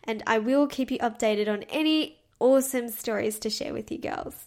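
A woman's voice: on the high side, moderate pace, a little mellow. A woman hosting a solo podcast, talking in a chatty, upbeat way, often saying "like" and laughing off her slips of the tongue. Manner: frequent filler "like". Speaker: podcast host.

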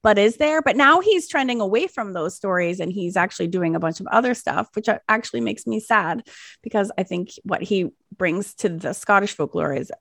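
A woman in her forties, co-hosting a podcast in casual chat, talking in an animated, rambling way with frequent laughs. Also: mid-range voice, fairly quick, creaky, no echo, clean studio sound. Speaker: podcast co-host.

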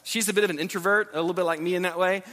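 A fairly high, bright male voice telling a family story from a stage. He is animated and self-deprecating, often stumbling and restarting, and the sound carries a long hall reverb. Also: rapid-fire. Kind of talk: sermon storytelling.

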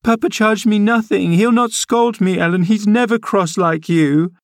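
A man reading an audiobook, voicing an excitable, willful thirteen-year-old girl in a high chattering voice. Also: normal speed, no echo, clean studio sound. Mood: sobbing.

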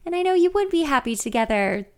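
A woman's voice: high voice, very animated, quick pace, a little mellow, pitched above the performer's own voice. A woman voicing a bossy, chatty pregnant young woman who always thinks she knows better, with a confident and slightly smug manner. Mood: eager.

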